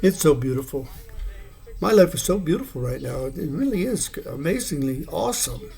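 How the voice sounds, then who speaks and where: A man's voice: fairly high pitch, big pitch swings, normal speed, vocal fry, warm tone. A man in his sixties rambling through a loose, free-associating monologue at home, often chuckling between thoughts. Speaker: video blogger. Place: his home, living room.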